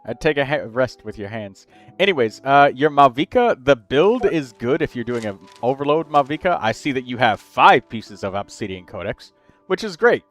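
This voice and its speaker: A man's voice: mid-range voice, expressive, soft background music. A man hosting a game livestream, chatting casually and rambling through build advice. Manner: chatty, rambling, quick asides to chat.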